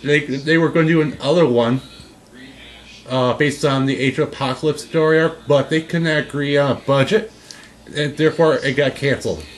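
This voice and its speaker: A man in casual chat as a co-host, talking in a rambling, halting way with frequent restarts. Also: on the high side, steady tone.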